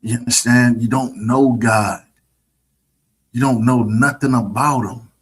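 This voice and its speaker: A man's voice: medium pitch, steady tone, unhurried, husky. A man teaching a streamed scripture lesson in a preachy, mocking way, often checking whether listeners understand. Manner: preachy, mocking, keeps asking "you understand?".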